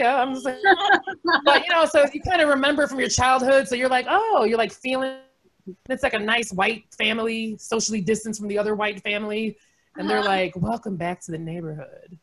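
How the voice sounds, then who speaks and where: A woman in her forties performs stand-up with a somewhat high-pitched voice. She is sarcastic and animated, and she laughs easily between punchlines. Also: brisk. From United States. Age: 40s. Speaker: stand-up comedian. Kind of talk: stand-up comedy set.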